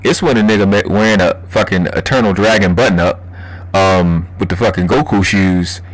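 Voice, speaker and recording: A man's voice: low voice, normal speed, no echo. A man from Baltimore with a Baltimore accent, chatting casually and profanely on a livestream while answering chat. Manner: loose, profane, laughing, reading chat aloud. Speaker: livestream host.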